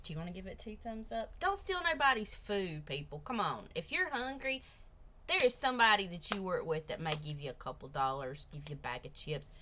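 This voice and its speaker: A woman's voice: fairly low pitch, big pitch swings, brisk, sharp tone, a little hiss or hum. A middle-aged woman with a Southern US accent, chatting frankly and rambling as a reaction host. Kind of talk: casual reaction chat.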